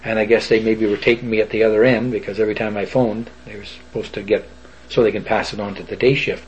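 A man's voice: fairly low pitch, little pitch movement, fast, slight background noise. An older man from Northern Ontario, telling an eyewitness story in a rambling, folksy way and acting out other people's voices. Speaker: eyewitness recounting a sighting. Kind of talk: casual spoken storytelling. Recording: dull lo-fi recording.

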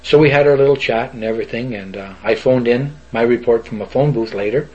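A man's voice: medium pitch, quick pace, darkish tone, breathy edge. An older man from Northern Ontario, telling an eyewitness story in a rambling, folksy way and acting out other people's voices. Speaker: eyewitness recounting a sighting. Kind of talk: casual spoken storytelling. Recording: dull lo-fi recording.

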